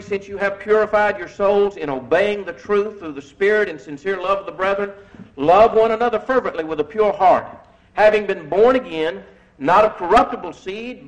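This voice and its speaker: A man preaching a sermon in a measured, emphatic way, reading scripture aloud. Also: high-pitched, dull audio.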